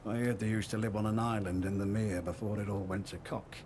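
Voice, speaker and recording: A man's voice: on the low side, fairly even intonation, fairly quick, darkish tone, a little hiss or hum, lightly acted. An actor playing a wary, chatty male woodland trader with a northern English accent touched by Liverpool. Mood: wry. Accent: northern English with Liverpool hints. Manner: folksy, wary, chatty storyteller.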